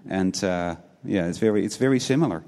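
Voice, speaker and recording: Low-voiced male preacher in a reverberant hall. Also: a little fast, mellow. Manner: asks many rhetorical questions, tagging points with "right?"; earnest, repeats words as he restarts. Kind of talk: sermon.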